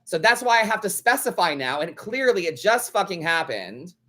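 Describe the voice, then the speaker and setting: A man's voice: sits high, sing-song, moderate pace, sharp tone. A man hosting a live tarot stream, chatting casually in a blunt, sassy way and swearing freely. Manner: blunt, sassy, swears freely, acts out other people's lines.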